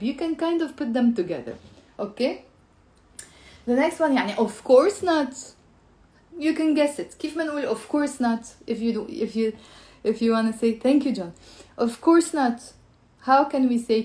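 Lebanese lady teaching arabic on a livestream, kinda high voice, echoey room, jumps between english and arabic. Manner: animated, switching between English and Arabic, acting out tones. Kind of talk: live-streamed language lesson. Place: home room.

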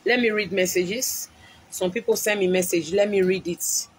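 Impassioned Nigerian woman, husky voice. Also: mid-range voice, normal speed. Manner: impassioned, repeats lines for emphasis. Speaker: prophetess hosting a live stream. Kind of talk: emotional live-stream address.

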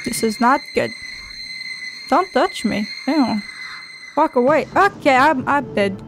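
A woman's voice: high voice, expressive, takes it slowly, long pauses, fairly bright tone, faint music behind. A woman playing a video game, swearing and giggling through sassy asides as she reads the game's dialogue aloud. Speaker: gameplay streamer. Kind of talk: let's play commentary, reading dialogue aloud.

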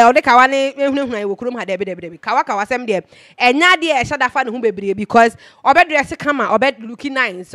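A woman's voice: fairly high pitch, fairly bright tone. Chatty Ghanaian woman mixing Twi and English. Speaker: host. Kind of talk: casual gossip commentary.

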